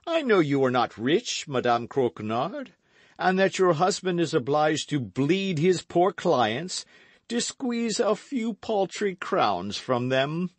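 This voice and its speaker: A man voicing a vain, boastful musketeer who speaks in a grand, declamatory way, pitched well above his own voice. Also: very animated, slow pace, no room sound, exaggerated voice. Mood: indignant.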